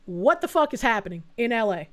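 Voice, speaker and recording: A woman's voice: fairly high pitch, big pitch swings, brisk, very noisy. A woman streamer giving blunt, profane, sarcastic live reaction commentary.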